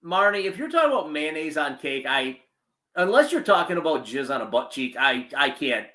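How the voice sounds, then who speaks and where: A man's voice: a little high, very animated, brisk, pushed and bright. A man co-hosting a casual sports podcast, joking and laughing as he banters about food and football. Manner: joking, laughing often, playful rants. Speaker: podcast co-host.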